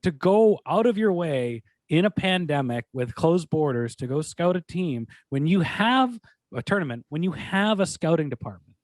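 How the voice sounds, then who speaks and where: A man co-hosting a sports podcast, telling stories in a rambling, animated way full of restarts. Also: fairly high pitch, moderate pace, no room sound. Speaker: podcast co-host. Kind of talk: casual sports talk.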